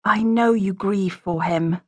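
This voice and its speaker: A woman voicing a gentle young gentlewoman who speaks softly and pleadingly. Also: mid-range voice, takes it slowly, no room sound. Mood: tender.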